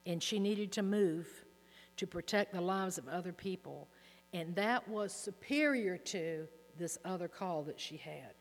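A woman teaching from the Bible in an earnest way, reading passages aloud with emphasis, recorded in a hall with a low mains hum.

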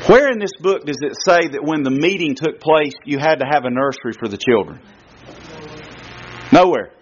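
A man preaching a sermon as a guest speaker at a church service, emphatic and full of rhetorical questions. His pitch swings widely as he talks. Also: lively intonation, brisk, a little hiss or hum. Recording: lo-fi dull recording.

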